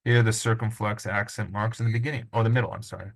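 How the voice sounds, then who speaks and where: A man teaching a recorded lesson on Greek pronunciation, informal and patient, sounding out words slowly. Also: fairly low pitch, fairly even intonation, vocal fry, rough recording.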